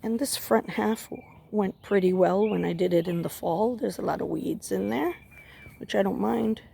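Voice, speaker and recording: Chatty woman with a gravelly voice, outdoors. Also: medium pitch, normal speed, warm tone, slight background noise. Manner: chatty, rambling, many ums and restarts. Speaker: home gardener giving a garden tour. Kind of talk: casual walking garden tour. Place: outdoors in a backyard garden.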